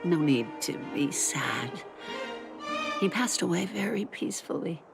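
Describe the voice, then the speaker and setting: An actress voicing a gentle older mother who speaks softly and tenderly in a video game. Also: on the low side, expressive, vocal fry. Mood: gentle comfort. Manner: soft, slow and tender. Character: gentle elderly mother, warm and reassuring. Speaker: Natasha's mother. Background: game soundtrack music.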